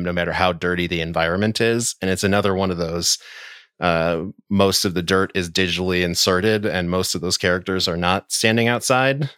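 A man co-hosting a podcast in casual chat, relaxed and rambling, often laughing. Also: deep voice, clean tone, no echo, clean studio sound. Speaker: podcast co-host.

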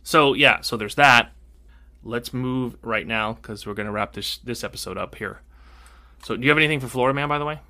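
Bright-voiced man steering a podcast. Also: medium pitch, brisk. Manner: steers the talk with short, teasing questions. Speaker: podcast host. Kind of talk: casual podcast chat.

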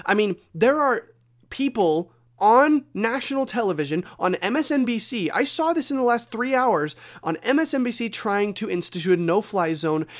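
A man hosting a solo news podcast, talking with impassioned ranting and pointed rhetorical questions. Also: on the high side. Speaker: podcast host.

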